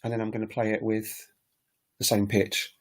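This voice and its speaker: A man's voice: on the low side, completely flat delivery, normal speed, loud music behind the voice. A man teaching on a casual livestream, talking in a rambling, hesitant way with many fillers. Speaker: language teacher and recorder player. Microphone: webcam livestream setup.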